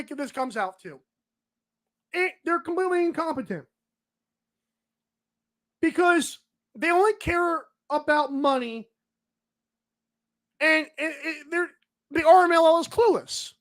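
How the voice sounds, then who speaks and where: High-voiced man ranting on a podcast. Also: animated, slow pace, pauses often, fairly bright tone. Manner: emphatic ranting, sarcastic repetition. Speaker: podcast host. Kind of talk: solo sports podcast commentary.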